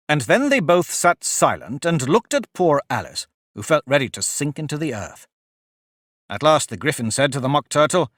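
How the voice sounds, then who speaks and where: In a dry, clean studio recording, a man with a medium-pitched voice narrates an audiobook, telling the story in a measured, expressive way.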